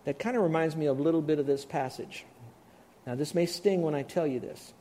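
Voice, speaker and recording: A male preacher giving an animated, emphatic sermon and calling on the audience to respond. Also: a little high, brisk.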